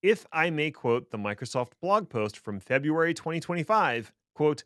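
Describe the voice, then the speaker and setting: A man's voice: on the high side, sing-song, moderate pace, hardly any pauses, a bit bright, dry recording. A man co-hosting a tech podcast, explaining things casually with dry, sarcastic asides. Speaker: podcast co-host.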